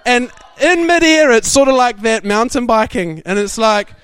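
A young man preaching a sermon, telling stories in a lively way and laughing often. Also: extremely high pitch, moderate pace, smooth, no echo. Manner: animated, laughing storyteller. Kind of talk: sermon storytelling.

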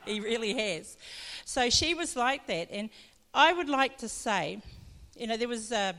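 A woman's voice: fairly high pitch, expressive, measured pace, pushed and bright. Kiwi lady pastor telling her testimony, chatty and laughing a lot, long echo off a church hall. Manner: chatty storytelling, laughs often.

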